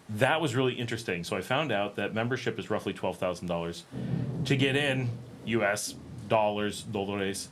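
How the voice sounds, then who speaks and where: A middle-aged man from the United States hosts a livestream, chatting casually in a lowish voice. He wanders from point to point with frequent ums and restarts, and slight background noise can be heard.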